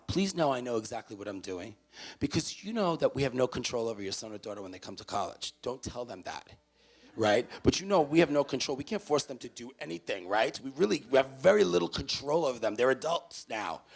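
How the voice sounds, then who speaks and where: Gravelly man telling a lively story. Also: medium pitch, brisk. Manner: animated anecdote, acts out both sides of conversations. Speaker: university student affairs staff speaker. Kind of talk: storytelling talk to parents. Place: university venue, in front of parents.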